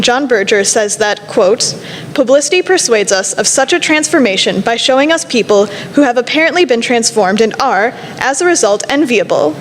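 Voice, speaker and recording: A young woman reading a prepared academic presentation in a measured way, slowing down for quotations. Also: a little high, a little hiss or hum. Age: young adult. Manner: measured, reads quotations slowly. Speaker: student presenter. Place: lecture hall. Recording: reverberant lecture hall.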